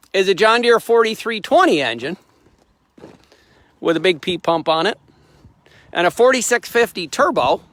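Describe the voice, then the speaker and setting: A man's voice: on the high side, fairly bright tone, dry recording. A middle-aged man hosting a casual walkaround, telling a rambling, plain-spoken story in a folksy way. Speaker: host, tractor dealer.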